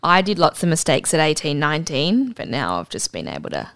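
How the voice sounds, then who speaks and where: A woman banters on a podcast in a camp, teasing way, dropping "darling" into her remarks. Her voice sits slightly low. The recording is dry and close. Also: huge pitch swings, a little fast, vocal fry, a bit bright, no room sound. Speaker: podcast co-host. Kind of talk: casual chat.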